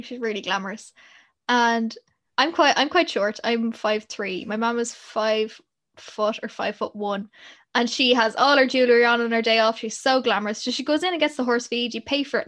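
A young Irish woman in casual conversation, telling stories with lots of laughter as a podcast co-host. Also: on the high side. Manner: animated storyteller, quick to laugh. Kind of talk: casual chat.

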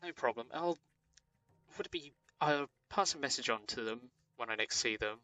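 A man's voice: mid-range voice, normal speed, bright, forceful tone, poor audio. A man running an online tabletop game as game master, talking casually and swearing offhandedly.

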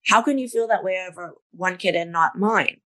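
A woman's voice: lowish voice, normal speed, sharp tone. A middle-aged woman co-hosting a podcast, recapping episodes step by step in a casual chat with frequent "you know" fillers. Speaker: podcast co-host.

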